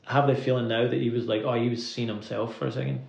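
Gravelly Scottish man telling stories. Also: medium pitch, steady tone, darkish tone, slight background noise. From Scotland. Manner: rambling anecdotes full of "like" fillers, quick to laugh. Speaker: guest musician. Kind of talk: casual storytelling interview. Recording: roomy, slightly dull recording.

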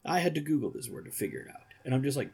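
A man's voice: a little high, lively intonation, rapid-fire, gravelly, a little mellow, slightly rough. A man co-hosting a casual chat show, joking and laughing often. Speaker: co-host.

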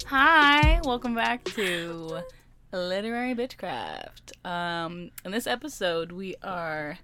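Young woman, podcast host, bright tone, animated swoops in pitch, giggly, jokey chat. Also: slow pace, faint music behind. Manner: giggly, joking, trails off quietly. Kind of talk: casual chat among friends.

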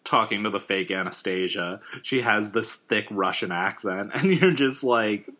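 A man's voice: a little slow, pushed and bright. Rambling man in casual film chat. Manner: rambling, many fillers, swings up in pitch. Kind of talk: casual movie discussion.

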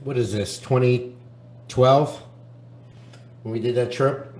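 A man's voice: medium pitch, fairly even intonation, slow, a little mellow. A man in casual chat who laughs often between his remarks. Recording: echoey room with faint noise.

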